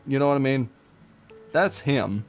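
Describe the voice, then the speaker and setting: A man streaming live from a warm room at home, chatting casually and jokingly with his chat and laughing often. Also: medium pitch, measured pace. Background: faint game music.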